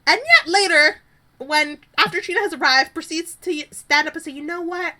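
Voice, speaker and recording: A woman with a bright, rather high voice, chatting casually as a podcast co-host. She retells scenes with lively asides and acts out characters' lines as she goes. Her tone stays crisp and forward. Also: brisk. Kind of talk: casual chat recapping a soap opera.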